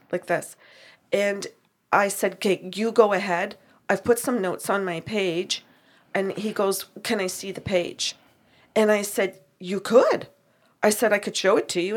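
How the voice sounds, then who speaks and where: A woman who works as a medium, telling a story about a reading and acting out both sides of the conversation. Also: mid-range voice. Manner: animated retelling with quoted dialogue. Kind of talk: storytelling chat.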